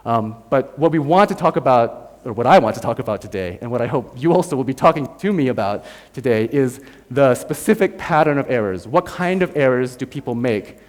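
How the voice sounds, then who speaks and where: A man's voice: mid-range voice, lively intonation, brisk, hardly any pauses. American man lecturing in a reverberant hall. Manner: explanatory, demonstrates sounds aloud, often adds "right?". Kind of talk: university lecture.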